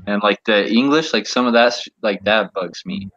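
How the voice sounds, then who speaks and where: A man's voice: lowish voice, normal speed, a bit bright, no echo. A man guest in a casual chat, speaking thoughtfully with hesitant fillers. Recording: dull lo-fi audio.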